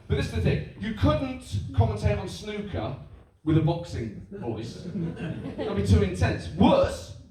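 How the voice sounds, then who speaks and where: Animated stand-up comedian. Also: male voice, on the high side, noisy background. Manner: animated, mimics voices and accents for laughs. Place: live venue with audience. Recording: echoey live room, mic heard from a distance.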